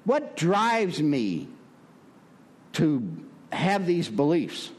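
An older man tells his recovery story in a folksy, rambling way, full of fillers and restarts. His voice climbs higher whenever he turns to preaching. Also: sing-song, very slow, husky. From Prescott, Arizona. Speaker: recovery speaker. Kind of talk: recovery meeting share.

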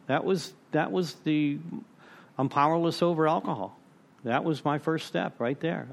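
At a recovery meeting, a man with a mid-range voice shares his personal recovery story with the group. He's conversational and self-deprecating, repeating phrases and saying "you know" a lot.

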